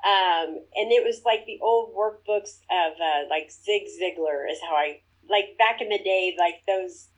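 A woman, telling a personal story as an interview guest, earnest and growing animated when she retells her own thoughts. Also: fairly low pitch, unhurried, few pauses, poor audio.

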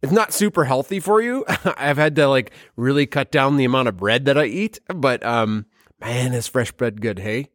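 A man's voice: medium pitch, expressive, normal speed, fairly bright tone, no echo, clean studio sound. A man hosting a science podcast, chatting casually and joking, with playful put-on quotes. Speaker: podcast host.

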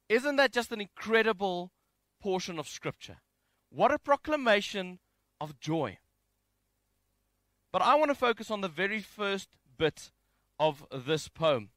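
A man giving a conversational sermon from home, reading scripture and mixing in jokes with an animated delivery. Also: sits high, normal speed, dry recording. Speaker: preacher. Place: home, during isolation.

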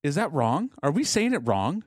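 A man's voice: fairly high pitch, big pitch swings, moderate pace, no room sound, studio quality. A man in his forties co-hosting a podcast, chatting casually and teasing his co-host, often laughing as he tells stories. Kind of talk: casual chat.

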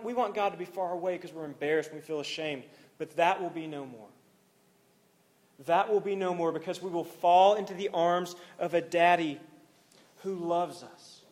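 Young preacher guy, kinda high voice, earnest, goes big then almost whispers. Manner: earnest, swings from rising intensity to near-hushed softness. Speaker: pastor. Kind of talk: sermon.

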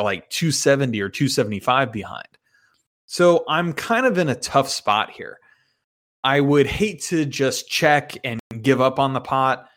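A man's voice: mid-range voice, fairly bright tone. A man recapping his poker hands in a casual, profane and self-mocking way. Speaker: poker player.

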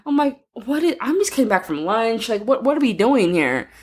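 A woman's voice: on the high side, normal speed, husky. A woman co-hosting a podcast in casual chat, telling stories with heavy swearing and acting out what people said. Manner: animated storytelling, heavy swearing, acts out quotes. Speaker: podcast co-host.

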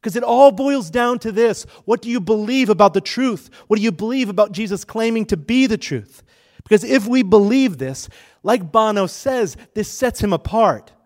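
A man's voice: high-pitched, lively intonation, normal speed, darkish tone. A male pastor preaching a sermon, emphatic and asking the congregation rhetorical questions.

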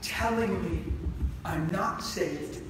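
Casting: high-pitched man preaching a sermon story, noisy room tone. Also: slow pace. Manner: animated storytelling, rising to fervent shouts. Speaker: traveling preacher. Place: large hall with responding congregation. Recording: echoey hall from far off, noisy.

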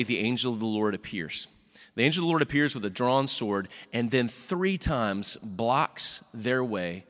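Bright-voiced pastor in a reverberant church. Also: male voice. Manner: animated storytelling, jumps into high voices for quoted characters. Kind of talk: sermon retelling a Bible story. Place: church sanctuary.

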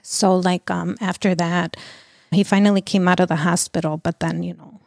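A middle-aged woman telling her own painful story as an interview guest, halting and full of restarts and fillers. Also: fairly low pitch, level tone, creaky, darkish tone, dry recording. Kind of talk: emotional personal testimony.

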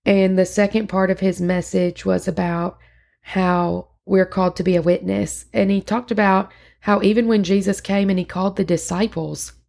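Woman host, casual sermon recap, chatty, vocal fry throughout. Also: medium pitch, a little mellow. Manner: chatty and earnest, with frequent fillers and restarts. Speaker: podcast host.

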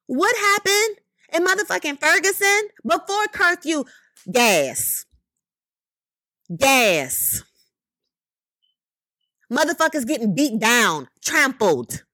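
A high-pitched woman delivers an impassioned, profane monologue. Her voice leaps all over the place as she hammers her points with rhetorical questions and repetition. She talks slowly and deliberately, and the sound is dry and close. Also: sharp tone, dry recording. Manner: emphatic, profane, rhetorical questions, repeated "you know what I mean".

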